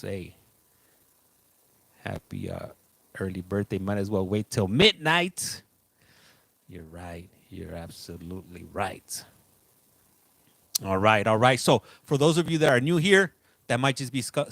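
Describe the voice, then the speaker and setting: A man's voice: mid-range voice, gravelly, no echo. A middle-aged man hosting a casual live stream, chatting loosely and greeting viewers by name. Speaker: livestream host.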